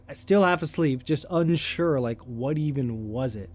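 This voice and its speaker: A man's voice: medium pitch, expressive, normal speed, few pauses, soft background music. A man telling a personal story in a loose, chatty way, full of "like", light laughs and casual swearing. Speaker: storyteller host.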